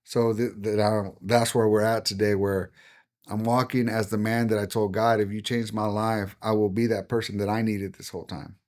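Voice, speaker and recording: A middle-aged man, a pastor, giving a personal testimony in conversation, earnest and emotional, dropping to a hush on painful moments. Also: fairly low pitch, little pitch movement, normal speed. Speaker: pastor and podcast guest.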